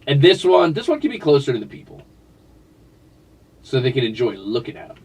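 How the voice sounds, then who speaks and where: While playing a game on a livestream, a man chats and rambles casually, addressing both his cats and his chat. His medium-pitched voice is very animated and breathy-edged, and he speaks fairly quickly. The recording is from a distance.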